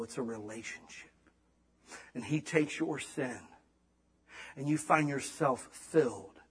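A man giving a sermon in a casual, conversational way, swinging between emphatic loud lines and hushed ones. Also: a little high, slightly rough. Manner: casual, conversational preaching with slang. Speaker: pastor.

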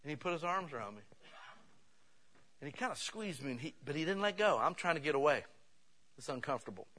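A man preaching a sermon, telling personal stories in an animated way that swings between loud bursts and hushed asides. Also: a little high, fast.

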